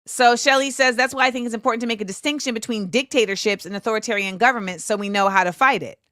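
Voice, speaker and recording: A woman's voice: on the high side, fast, a bit bright, no room sound, clean studio sound. A woman hosting a livestream, reading viewer comments aloud and answering them in a blunt, opinionated way. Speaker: host.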